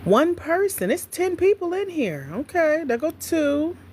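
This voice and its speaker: Black lady doing a phone livestream, super lively voice, chatty n playful, little hiss behind her. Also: very high voice, a little slow. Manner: chatty, playful, talks straight to viewers. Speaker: livestream host, grants coach. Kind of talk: casual livestream chat.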